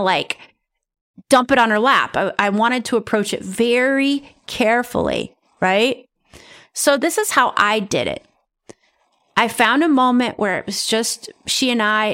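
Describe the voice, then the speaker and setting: A middle-aged woman who hosts a podcast as a medium, telling personal stories in a chatty, animated way. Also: medium pitch. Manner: chatty, animated, says right and you guys. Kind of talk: casual storytelling.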